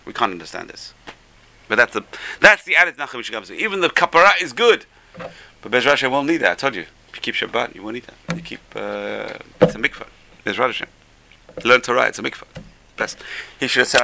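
A man leads a religious class and keeps breaking into exclamations, using Hebrew terms as he goes. His voice is gravelly, with a sharp, forceful edge. It sits at a mid pitch for a man. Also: animated, brisk, slight background noise, low-quality recording. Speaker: Torah teacher.

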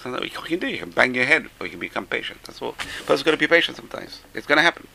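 Guy teaching a class, bright gravelly voice, keeps repeating his point. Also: medium pitch, sing-song, rapid-fire, a little hiss or hum, low-quality recording. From England. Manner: repeats key phrases for emphasis. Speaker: Torah teacher. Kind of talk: teaching a class with jokes and anecdotes.

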